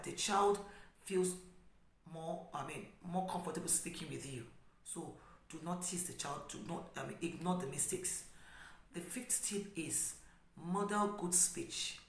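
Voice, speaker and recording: A woman special education teacher from Nigeria giving an educational talk to parents, speaking slowly and emphatically to model clear speech. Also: deep voice. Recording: echoey room with faint background noise.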